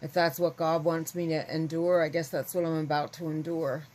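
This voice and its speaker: A woman's voice: deep voice, little pitch movement, moderate pace, darkish tone, rough recording. A woman chatting casually to her viewers, rambling and candid. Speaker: vlogger. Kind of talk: casual chat to camera.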